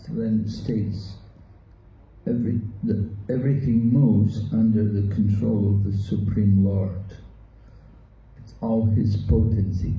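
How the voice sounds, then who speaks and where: A man's voice: on the low side, gravelly. A man teaching a scripture class, posing skeptical questions to his students and answering their replies. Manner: plays a skeptic, quizzing students in quoted objections. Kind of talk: interactive class discussion. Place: hall. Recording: roomy dull recording with faint noise.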